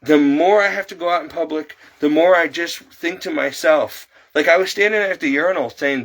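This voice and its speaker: A man vlogging in a casual, exasperated rant, his voice climbing high as he complains. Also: normal speed, hardly any pauses, a bit bright, poor audio. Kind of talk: casual ranting monologue.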